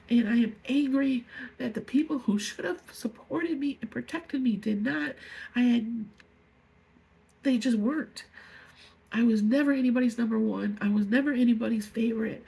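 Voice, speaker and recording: A woman in her fifties speaking to viewers in an emotional personal vlog, angry and tearful, halting as she pours out her feelings. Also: on the high side, warm tone, rough recording. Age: 50s. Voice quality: gravelly, very husky voice. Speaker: vlogger.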